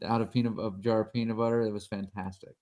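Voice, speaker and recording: A man as an interview guest, telling stories in a relaxed, animated way. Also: on the low side, fast talker. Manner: relaxed storyteller, animated when quoting. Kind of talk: casual interview storytelling.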